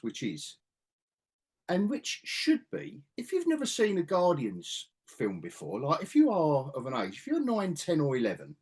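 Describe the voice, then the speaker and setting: A husky man talks in a lively, swooping way as he hosts a casual podcast chat. His voice sits a little high and he swears freely. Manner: animated, laughing, swearing freely. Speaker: podcast host.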